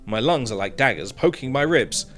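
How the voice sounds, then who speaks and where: A man's voice: medium pitch, lively intonation, normal speed, fairly bright tone, faint music behind. A man streaming a game, reading its text aloud with joking, wry asides.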